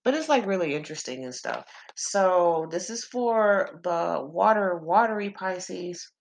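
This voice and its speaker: Young woman podcaster, slow and unhurried, low voice, rambling and profane, filler-heavy. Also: expressive, creaky. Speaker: podcast host. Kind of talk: casual astrology chat.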